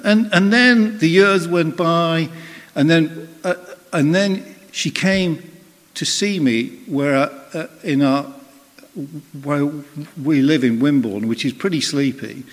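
A man's voice: fairly high pitch, takes it slowly. Man preaching in a reverberant hall. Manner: conversational storyteller, acts out quoted voices. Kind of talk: sermon with personal anecdote.

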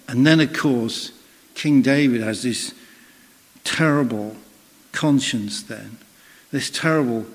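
Male preacher, mid-pitched, chatty storyteller, voices the people he quotes, church hall reverb. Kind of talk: sermon with personal anecdote.

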